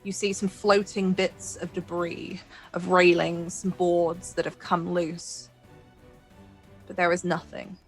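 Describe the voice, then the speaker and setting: Woman narrating a dark sea tale. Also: fairly low pitch, flat delivery, slow, low-quality recording. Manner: descriptive, dramatic storytelling with restarts. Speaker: game master. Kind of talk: narrating a tabletop horror game. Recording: light background music.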